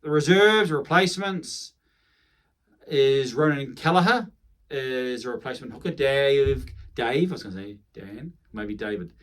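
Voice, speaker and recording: A man's voice: medium pitch, animated, measured pace, fairly bright tone. A man with a New Zealand accent giving a casual, rambling rugby match preview, correcting himself and adding chatty asides. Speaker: rugby commentator.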